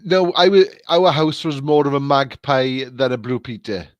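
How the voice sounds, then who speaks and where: A man's voice: mid-range voice, normal speed, no echo, muffled recording. Easygoing male podcast host. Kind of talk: casual chat.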